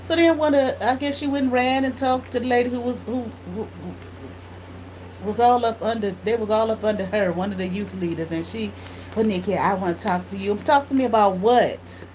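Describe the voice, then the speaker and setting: A woman tarot reader telling a blunt, animated story in casual speech, swearing freely. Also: medium pitch, brisk, a little hiss or hum, poor audio.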